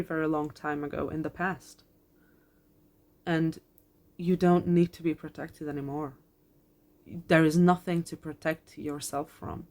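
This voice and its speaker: A woman giving a tarot card reading to her viewers, earnest and reassuring, repeating her phrases, swearing in passing and close to tears. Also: on the low side.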